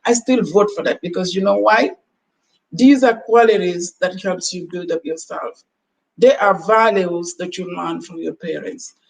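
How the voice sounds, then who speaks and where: On a motivational talk show, a Gambian woman sits on the panel giving earnest, preachy advice and acting out quoted exchanges. Her voice is low-ish, creaky, and unhurried. The mic is distant, with faint background noise.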